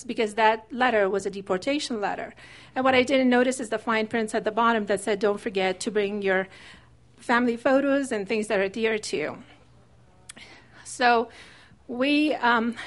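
Higher-voiced woman telling her story. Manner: conversational, with frequent "like" and "um". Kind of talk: personal story told to an audience.

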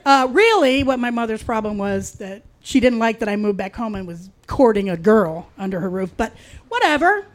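A woman telling a personal story in a casual, wry way, with deadpan asides. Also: on the high side, moderate pace.

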